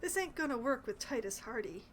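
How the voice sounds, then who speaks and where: A woman's voice: on the high side, animated, a little fast, slight background noise, lightly acted. A woman reading a video game's lines for a foul-mouthed, defensive male dockworker boss, sounding aggressive and suspicious. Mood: hostile. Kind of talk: reading game dialogue aloud.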